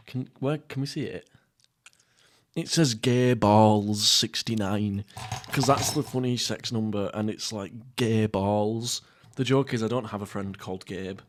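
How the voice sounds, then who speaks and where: A young man from England hosting a casual solo podcast while eating, rambling through jokey, crude, deadpan stories. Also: on the low side. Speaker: podcast host. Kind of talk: casual solo mukbang chat.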